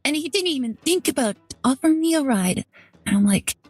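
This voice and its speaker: A woman's voice: high-pitched, lively intonation, fairly quick, darkish tone, dry recording, soft background music. A woman streamer telling a story in casual chat, rambling with lots of "like" fillers and restarts. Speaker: VTuber streamer.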